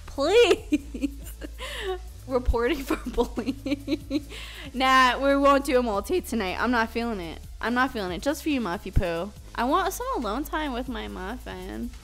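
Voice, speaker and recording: High, lively giggly woman streamer. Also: moderate pace, soft background music. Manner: giggly, swears freely, talks to chat. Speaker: live streamer. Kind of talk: casual live-stream chat while gaming.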